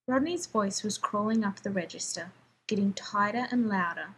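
Brief: woman narrating fiction, steady and unhurried, mid-pitched voice over a faint hiss. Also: poor audio. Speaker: reader. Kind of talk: audiobook reading of fan fiction.

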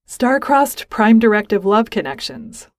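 A woman voicing a reserved adult male alien officer with measured, restrained delivery. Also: a little high, big pitch swings, no room sound, studio quality.

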